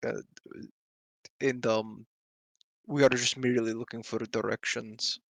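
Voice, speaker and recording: A man playing in a tabletop game, bantering bluntly and speaking haltingly polite in character. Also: medium pitch, flat delivery, creaky, a bit bright, dry recording. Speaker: player. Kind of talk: casual tabletop play.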